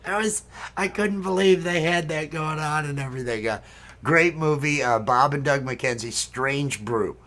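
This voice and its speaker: A man's voice: on the high side, moderate pace, a bit bright. A man hosting a livestream music night over a video call, chatting casually and rambling with lots of fillers. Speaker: livestream host.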